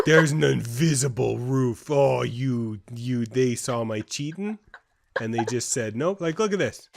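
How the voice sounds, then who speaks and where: A young Canadian man co-hosts a casual game playthrough, chatty and rambling as he tells stories. His medium-pitched voice is creaky and animated, and he speaks at a slow pace.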